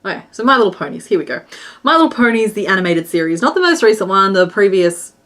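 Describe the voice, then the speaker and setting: A woman's voice: mid-range voice, very animated, fast talker, a bit bright. A woman hosting a crochet livestream, chatting casually and giggling while she answers chat and counts stitches aloud.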